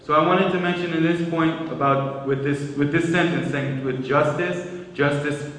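Male lecturer, measured explanatory delivery, mic far off in a reverberant hall. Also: a little high, fairly even intonation, a bit bright, slight background noise. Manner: measured, explanatory, repeats words when restarting. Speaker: Islamic lecturer. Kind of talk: religious lecture.

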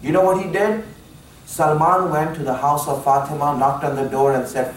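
Male preacher, high voice, earnest and repetitive, far from the mic with faint ambience behind. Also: steady tone, normal speed, slight background noise. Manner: earnest, repeats lines for emphasis, addresses audience as my friends. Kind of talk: sermon. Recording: very echoey hall, mic at a distance.

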